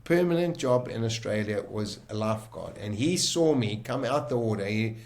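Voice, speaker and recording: A South African man, a podcast guest, vividly retelling a dramatic survival story in the first person, emphatic and quick to restart his sentences. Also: on the low side, lively intonation, darkish tone.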